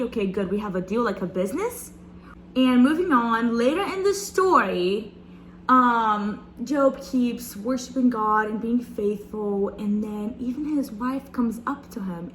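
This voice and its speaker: Young woman, slightly high voice, casual devotional talk, lively and chatty with viewers. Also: a little hiss or hum, low-quality recording. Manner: chatty, animated, addresses viewers as "guys". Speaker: speaker sharing a Bible reflection.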